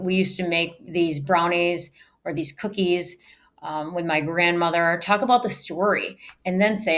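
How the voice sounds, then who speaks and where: A woman with a somewhat low, fairly bright voice delivers a recorded virtual lecture on public speaking. She's a speech teacher, emphatic in manner, and she shifts her delivery to show how things ought to be said.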